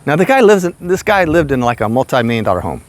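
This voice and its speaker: A man in his sixties telling casual, rambling stories about his past work, getting animated as he goes. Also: fast talker. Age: 60s. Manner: animated, rambling, jumps high when quoting himself. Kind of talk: casual storytelling.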